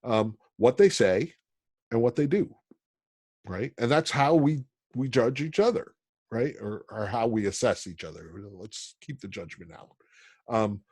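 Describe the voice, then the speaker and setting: Man, college instructor, from Pennsylvania, online lecture, halting with ums, slow pace, dry sound. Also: medium pitch, animated, a little mellow, husky, dry recording. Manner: halting, many ums and restarts.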